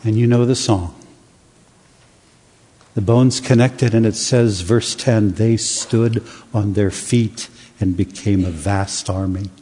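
A man preaching a sermon with dramatic, emphatic pauses. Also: on the low side, steady tone, mellow, husky. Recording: long reverb of a large hall.

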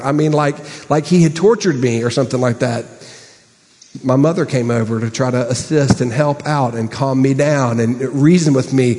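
A man preaching a sermon, telling a story with sudden high bursts and hushed asides. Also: in a large hall. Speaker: pastor.

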